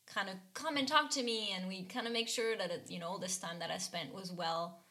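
A woman's voice: mid-range voice, brisk, bright, forceful tone. A woman co-hosting a casual conversation, reflecting on a past frustration with hesitations and easy laughter. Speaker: podcast co-host.

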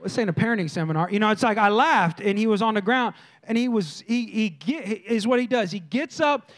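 High-voiced man preaching with lively storytelling. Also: fairly quick. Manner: lively storytelling preacher, addresses the congregation directly. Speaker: pastor. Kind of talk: sermon. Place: church.

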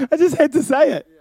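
A young man delivers a sermon in a playful, jokey way, turning to speak straight to his listeners. His voice sits noticeably high. The sound is close and dry. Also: warm tone, no room sound. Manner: playful, jokey, addressing the congregation. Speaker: preacher.

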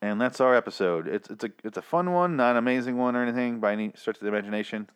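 A man's voice: medium pitch, racing, clean tone. A young man hosting a casual solo recap of a TV episode, rambling and joking, mocking the characters in put-on voices. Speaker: podcast host recapping a TV episode.

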